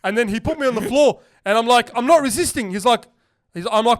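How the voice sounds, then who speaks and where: A man's voice: extremely high pitch, fast. A young man, hosting a casual podcast and telling stories animatedly, acting out other people's lines and swearing freely. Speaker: podcast host.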